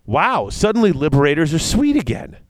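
A man in casual chat, reading tabletop game rules aloud and reacting with excitement. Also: a little high, fairly quick, no room sound. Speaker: tabletop wargame player discussing rules.

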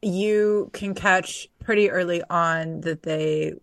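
A woman's voice: lowish voice, steady tone, takes it slowly, vocal fry, no room sound. Dry-sounding woman in casual movie chat. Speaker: podcast co-host.

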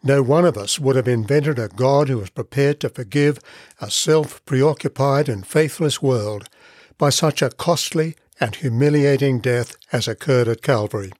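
A man delivers a scripted devotional Bible teaching in a measured, earnest voice, pressing on his key words. His pitch sits in an ordinary middle range for a man. The recording is dry and close, with almost no room sound. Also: a little mellow, no room sound. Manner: measured, earnest reading with deliberate emphasis.

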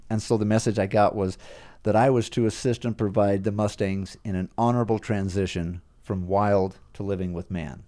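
A middle-aged man casually telling a personal story on a podcast, animated and acting out his own past thoughts. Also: lowish voice, moderate pace. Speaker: podcast guest, horse trainer.

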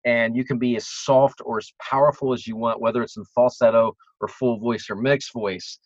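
A man, a vocal coach, telling a story in an animated, casual way with bursts of excitement. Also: medium pitch, moderate pace, no echo. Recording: dry, dull lo-fi sound.

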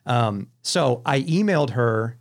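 Guy hosting a movie podcast, super expressive voice, rambles thru his stories. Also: medium pitch, takes it slowly. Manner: animated anecdotes with frequent restarts. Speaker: podcast host. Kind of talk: casual storytelling chat.

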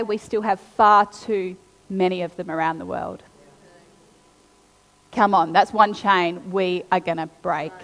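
A woman preaching a sermon, reading scripture aloud and then retelling it with animated, acted-out quotes. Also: medium pitch. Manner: animated storytelling, acting out quotes. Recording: long hall reverb.

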